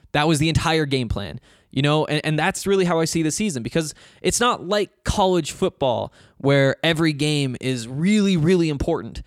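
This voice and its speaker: A man's voice: on the high side, dry recording, clean studio sound. A man hosting a sports podcast, talking through a game in casual, rambling solo commentary and often restarting his sentences.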